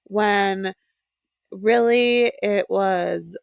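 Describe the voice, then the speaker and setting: Slow, gravelly-voiced podcast co-host woman. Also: medium pitch, no echo, clean studio sound. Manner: reflective, supportive, chiming in. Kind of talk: casual chat.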